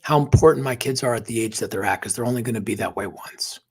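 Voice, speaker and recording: A man tells his story as a podcast guest, his voice husky and a touch breathy. He speaks earnestly and with emotion, sinking into a near-whisper at the most tender moments. His pitch sits in an ordinary middle range. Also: fast, a little mellow. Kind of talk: personal storytelling in an interview.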